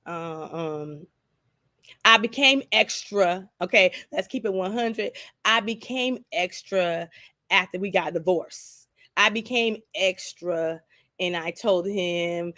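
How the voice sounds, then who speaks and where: A woman's voice: fairly low pitch, slow pace, pushed and bright, no room sound, studio quality. A middle-aged woman chatting on a live stream, answering viewers candidly and rambling with frequent restarts.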